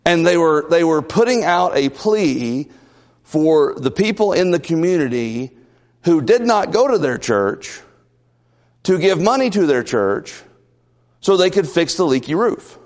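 A man's voice: fairly high pitch, very animated, unhurried. Folksy preacher man in a reverberant hall. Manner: folksy storytelling with asides and laughs. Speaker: pastor. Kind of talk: sermon.

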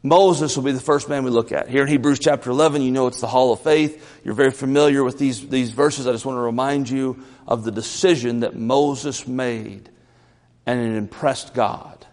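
A man preaching a sermon in a church, lively, often repeating and stumbling over his first words. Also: mid-range voice, moderate pace. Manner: animated, repeats words, stammers at starts. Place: church sanctuary. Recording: reverberant church hall.

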